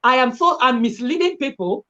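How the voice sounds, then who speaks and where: A woman's voice: high voice, expressive, moderate pace, bright, forceful tone, muffled recording. A woman, reflecting on her views on a live-stream panel. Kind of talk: casual live-stream discussion.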